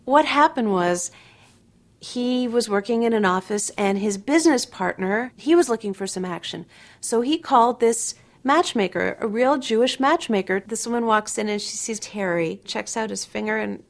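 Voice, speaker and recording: Creaky-voiced woman telling an anecdote. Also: a little high, expressive, normal speed. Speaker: interviewee. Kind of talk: to-camera personal anecdote.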